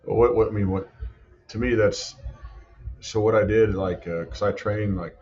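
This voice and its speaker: This football strength and conditioning coach speaks at a normal speed with a fairly low pitch, and the recording has its highs cut off. Chatting casually on a podcast, he tells training stories with animation and plenty of "like" and "you know" fillers.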